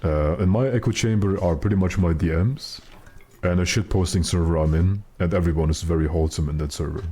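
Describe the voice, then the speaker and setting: Young guy w a super deep mellow voice, rambly casual stream chat, lots of ums. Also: brisk, breathy edge. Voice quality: naturally very deep voice. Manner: rambling, joking, profane, many fillers.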